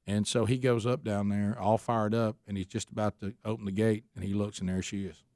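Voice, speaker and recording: A man's voice: fairly low pitch, moderate pace, no room sound, clean studio sound. A man hosting a radio talk show, telling a long story in a casual, folksy way. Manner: animated storyteller, folksy Southern phrasing, puts on a friend's voice in quotes.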